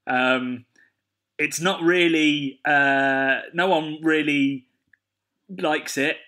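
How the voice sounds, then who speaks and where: A man's voice: fairly high pitch, steady tone, very slow, bright, forceful tone. A man co-hosting a podcast in casual chat, teasing his co-host and laughing often.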